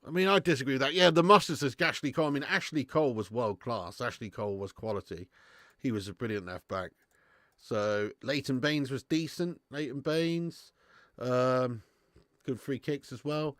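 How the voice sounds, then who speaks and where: A man's voice: medium pitch, normal speed, no echo, studio quality. A man hosting a live football watch-along, bantering with chat and swearing freely. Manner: animated banter with swearing, reads and answers chat.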